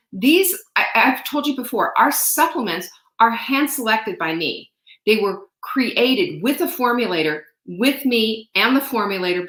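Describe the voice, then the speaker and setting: A woman hosts a home livestream selling supplements, chatting casually and rambling, getting teary, with many fillers and restarts. Her mid-range voice has a sharp tone, and the recording is reverberant and low in quality.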